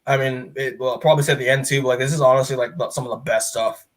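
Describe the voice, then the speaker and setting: A man co-hosting a comic book podcast, giving a casual recap that rambles with fillers, restarts and quick quoted lines from the scenes. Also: medium pitch, steady tone. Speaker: podcast co-host.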